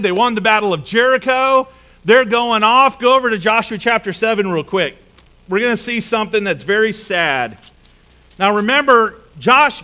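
A male pastor preaching a sermon, telling a Bible story in a lively way and acting out the characters' voices. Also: high-pitched. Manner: animated storytelling with acted-out voices.

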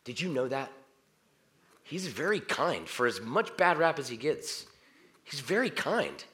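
A man preaching a sermon, animated, swinging from loud exclamations to soft, quiet passages. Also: medium pitch, measured pace.

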